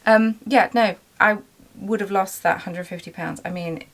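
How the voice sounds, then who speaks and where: A woman's voice: medium pitch, steady tone, unhurried, gravelly, fairly bright tone. A woman running a small craft business, talking in a chatty, rambling way with lots of ums in a casual vlog. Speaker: small business owner and vlogger.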